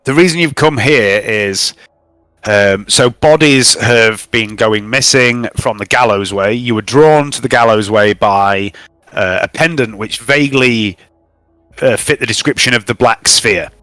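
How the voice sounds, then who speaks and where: A man's voice: medium pitch, unhurried, bright, forceful tone, no room sound, soft background music. A man narrating and running a tabletop role-playing game as game master, recapping events with frequent fillers.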